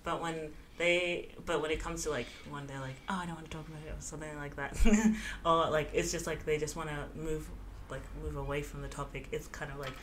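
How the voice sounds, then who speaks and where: A woman's voice: deep voice, steady tone, a little fast, fairly bright tone, a little hiss or hum. A young woman co-hosting a podcast in casual chat, rambling with lots of fillers and giggles. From Australia. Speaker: podcast co-host.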